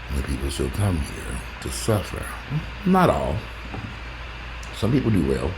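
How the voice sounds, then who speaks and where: A deep-voiced man rambles to his viewers in a casual monologue. His pitch rises and falls widely as he jumps from loud exclamations to muttered asides. A faint hiss of noise sits behind him. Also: big pitch swings, a little slow, long pauses. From United States. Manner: rambling, joking, talks straight to the audience. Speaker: vlogger.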